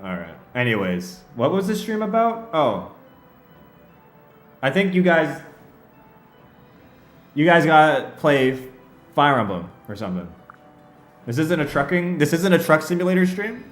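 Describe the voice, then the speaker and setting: A male streamer with a bouncy, animated voice that swings up and down as he chats. He laughs easily and talks straight to his viewers. Heard in a roomy, echoey space with faint music underneath. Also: fairly high pitch, a little slow, pauses often. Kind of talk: casual livestream chat and game commentary.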